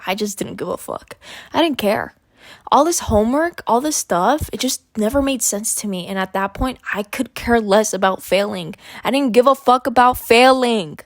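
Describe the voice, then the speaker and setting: A woman's voice: on the high side, no echo, clean studio sound. A young woman from Arizona hosting a solo podcast, ranting heatedly and profanely, repeating her points for emphasis. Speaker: podcast host.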